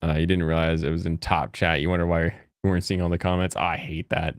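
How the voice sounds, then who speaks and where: An American man chatting casually with his live-stream audience, joking and breaking into high mocking voices. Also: level tone, fast, no room sound, studio quality. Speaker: streamer reacting to chat.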